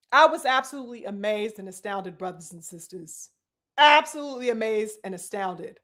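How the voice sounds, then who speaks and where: Woman live-stream boxing commentator, high bright voice, animated and profane. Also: normal speed. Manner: animated, profane, addresses viewers as brothers and sisters.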